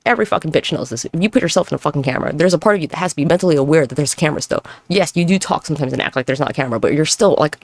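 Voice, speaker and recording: Sitting low and animated, this woman's voice comes rapid-fire with few pauses and no room sound. In her thirties, she hosts a solo podcast from home with neighbors close by, rambling, swearing and reflecting as she skips between subjects and moves around.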